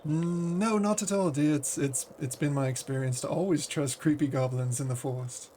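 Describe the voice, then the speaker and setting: A tipsy, flamboyant bard, as a man puts him on during a game stream, with a theatrical put-on accent. He is cheeky, calls everyone dear, and his voice sits slightly high with a faint hiss behind it. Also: normal speed, mellow, natural voice. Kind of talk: in-character banter over a game.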